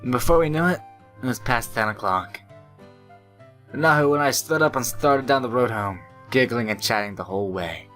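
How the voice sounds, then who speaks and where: A man's voice: medium pitch, moderate pace, fairly bright tone. A young man hosting a let's play, reading a visual novel aloud and breaking off for joking asides. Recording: faint game music behind.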